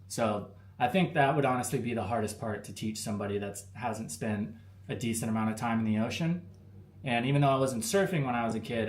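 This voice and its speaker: An American man hosting a live stream, answering chat questions in a laid-back, rambling way full of fillers. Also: lowish voice. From United States. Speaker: livestream host answering chat. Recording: roomy with faint ambience.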